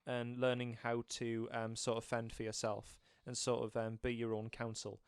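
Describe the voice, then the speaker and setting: A man's voice: mid-range voice, normal speed, smooth, no room sound, studio quality. A man in casual chat about a film, retelling scenes and acting out the characters' lines. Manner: animated storytelling, acting out scenes. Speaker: film reviewer.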